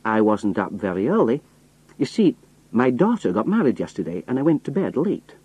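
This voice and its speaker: A man's voice: medium pitch, very animated, normal speed, mellow, slightly rough, no room sound. A man putting on a folksy Scottish roadman. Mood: easygoing. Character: man faking a Scottish roadman, plain and calm.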